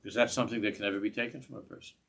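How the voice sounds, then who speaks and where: New rabbi giving a class, low husky voice, keeps restarting his sentences. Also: steady tone, rapid-fire, a bit bright. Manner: earnest, repeats and restarts phrases, mixes in Hebrew and Yiddish terms. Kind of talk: sermon. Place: synagogue.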